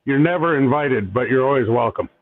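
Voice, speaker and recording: A man's voice: mid-range voice, expressive, a little fast, no echo. A man co-hosting a live stream over a call, teasing the others in an upbeat way. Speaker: co-host. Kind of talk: casual live-stream chat. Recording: dry tinny phone-like call audio.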